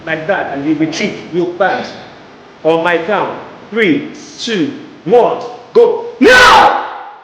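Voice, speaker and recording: A man leads a stage combat drill as acting coach, counting off moves and barking cues in a commanding way. His voice sits a bit high for a man and he talks at an unhurried, deliberate pace. It is recorded in an echoey room with clear background noise. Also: animated, shouting, a loud crowd.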